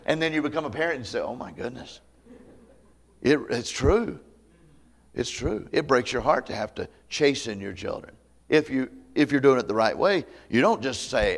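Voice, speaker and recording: A man pastor preaching a camp meeting sermon to a congregation, conversational and folksy, with humor and loud emphatic peaks. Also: mid-range voice, brisk. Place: church meeting before a live congregation.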